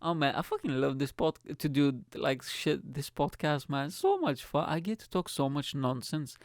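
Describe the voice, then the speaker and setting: Young man, podcast host, rambling comic rant, swearing, fairly high voice, dry close sound. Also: sing-song, moderate pace, no room sound. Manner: rambling, swearing, laughing at his own jokes.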